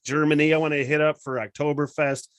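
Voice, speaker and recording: Chill dude hosting a podcast, swears a ton, dry close mic. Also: male voice, on the high side, flat delivery, quick pace, clean tone, no echo. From northern Michigan. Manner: profane, laid-back, rambling. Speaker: podcast host. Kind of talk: casual chat.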